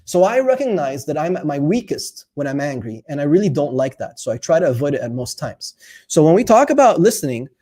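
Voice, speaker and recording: A young man hosting a casual live talk about relationships, animated and playful, acting out the people he quotes. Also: on the high side, a little fast.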